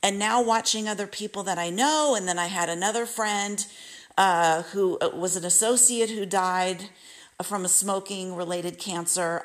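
A woman vlogger telling a candid personal story, talking straight to her viewers. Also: medium pitch. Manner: candid, confiding, addresses viewers directly.

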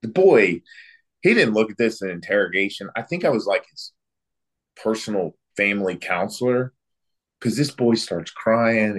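A man being interviewed, telling a long story from his time as a military interrogator in brisk, anecdotal bursts and acting out the exchanges he quotes. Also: lowish voice. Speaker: guest, former military interrogator.

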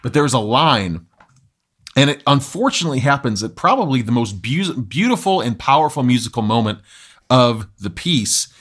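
A man's voice: mid-range voice, very animated, moderate pace, fairly bright tone, husky. A young adult man co-hosting a podcast, chatting casually and rambling with many fillers and restarts. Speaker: podcast co-host. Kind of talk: casual chat.

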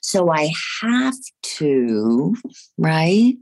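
Very low-voiced woman with a slight Jersey accent. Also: very animated, very slow, vocal fry. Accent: slight New Jersey. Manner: warm, effusive, rambling with restarts. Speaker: actress guest. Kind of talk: casual interview chat.

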